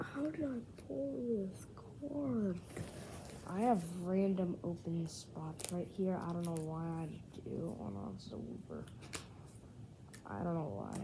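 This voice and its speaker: A woman excitedly opening trading cards on camera, switching between hushed whispers and loud exclamations. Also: on the low side, slow pace, vocal fry. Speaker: card-opening vlogger. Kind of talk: casual unboxing commentary. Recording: steady background noise.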